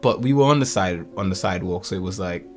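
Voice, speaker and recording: A man in his thirties casually telling a lively story about his kids, acting out their lines and laughing often. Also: sits low, quick pace, soft background music. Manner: animated, acts out family quotes, laughs often. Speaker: podcast co-host.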